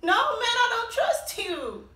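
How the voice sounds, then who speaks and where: A woman's voice: extremely high pitch, big pitch swings, slow pace, pushed and bright. A woman being pranked by her husband at home, shrieking, laughing and pleading in a frantic home video. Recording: echoey room, faint noise.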